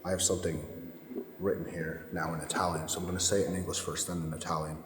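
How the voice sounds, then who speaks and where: A man's voice: deep voice, little pitch movement, fast, a crowd in the background. A man hosting a ghost investigation, giving instructions to his crew inside an abandoned asylum. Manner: leads the group and gives instructions. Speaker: paranormal investigator host. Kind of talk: casual on-location ghost hunting talk. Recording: reverberant hall with clear background noise.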